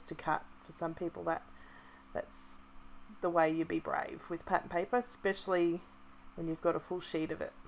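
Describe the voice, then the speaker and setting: An Australian woman with a slightly low voice narrates her craft project in a relaxed, chatty way. She thinks aloud, trails off and corrects herself as she works. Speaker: craft kit club presenter. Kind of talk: casual craft tutorial voice-over.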